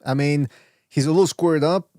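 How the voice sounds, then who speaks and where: A man's voice: fairly high pitch, moderate pace, warm tone, no echo, studio quality. A man hosting a boxing podcast in casual chat, rambling with many restarts. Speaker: podcast host.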